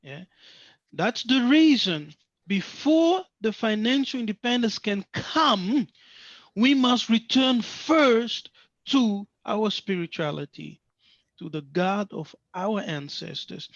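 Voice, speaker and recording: A man's voice: sits high, takes it slowly, no echo. A man teaching a sabbath class, speaking emphatically, repeating phrases and asking rhetorical questions. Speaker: religious teacher. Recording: dull lo-fi sound, dry.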